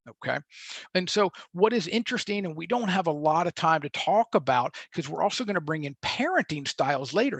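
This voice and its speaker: A man teaching a lecture in a brisk, chatty way, acting out what babies think. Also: fairly high pitch, fairly bright tone, dry recording. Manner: brisk, chatty, acts out babies' thoughts in quotes. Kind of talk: classroom lecture.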